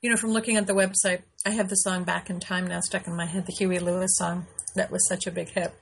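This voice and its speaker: A middle-aged woman hosting her own show, chatting casually and rambling with frequent pauses and laughs. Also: on the low side, flat delivery, vocal fry, slight background noise. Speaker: show host. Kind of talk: casual live-stream chat.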